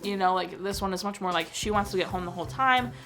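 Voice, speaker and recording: A woman's voice: medium pitch, quick pace, fairly bright tone, faint music behind. A young woman vlogger chatting casually about a film she watched, full of fillers and emotional asides. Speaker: movie review vlogger. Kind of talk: casual chat.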